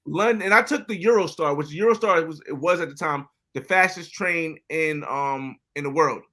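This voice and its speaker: An American man, a podcast guest, telling travel stories in a casual, animated way, often acting out other people's lines. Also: a little high, normal speed. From United States. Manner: animated, acts out quoted dialogue. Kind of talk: casual storytelling interview.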